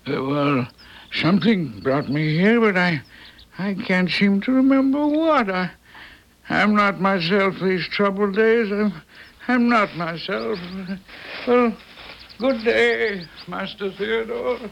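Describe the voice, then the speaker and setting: An actor playing a frail, confused old former priest, talking in a hesitant, wandering way. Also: male voice, high-pitched, takes it slowly, vocal fry, a bit bright, full character voice, low-quality recording. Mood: bewildered.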